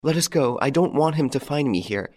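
A man's voice: mid-range voice, expressive, fairly quick, a little mellow, pitched above the performer's own voice, lightly acted. A man voicing a frightened young noblewoman and desperate mother, breathless and pleading, often whispering. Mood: frantic.

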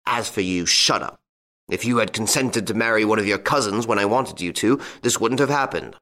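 A man's voice: on the low side, moderate pace, sharp tone. A man playing a proud, wrathful old aristocrat, blustering and indignant. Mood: furious.

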